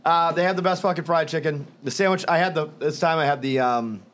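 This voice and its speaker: A man's voice: fairly high pitch, brisk, a bit bright. A man, a podcast co-host from the Boston area, casually reading sponsor plugs and swearing bluntly. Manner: blunt, profane, laid-back.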